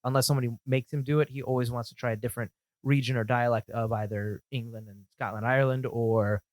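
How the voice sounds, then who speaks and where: A man co-hosting a film podcast, talking in a quick, opinionated way and laughing often. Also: medium pitch, fairly even intonation, no room sound. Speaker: podcast co-host. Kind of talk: casual chat.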